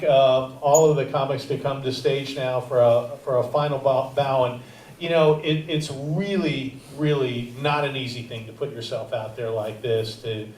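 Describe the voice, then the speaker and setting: A man hosting a student comedy showcase, announcing performers' names with upbeat emphasis from a comedy theater stage. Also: medium pitch. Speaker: comedy class teacher and emcee. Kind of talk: live emcee announcements. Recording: echoey stage from far, loud crowd and noise.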